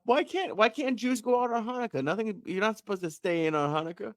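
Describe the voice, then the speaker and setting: A man's voice: high voice, quick pace, no echo, studio quality. A man co-hosting a podcast, a reactive sidekick who laughs and jumps in with questions. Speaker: podcast co-host. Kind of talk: casual podcast chat.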